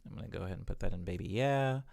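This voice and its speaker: Gravelly, chatty young man producer. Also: low voice, rapid-fire, darkish tone, dry recording. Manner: rambling, chuckles between thoughts, self-correcting. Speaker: music producer streaming. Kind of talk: casual chat while producing music. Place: home music studio.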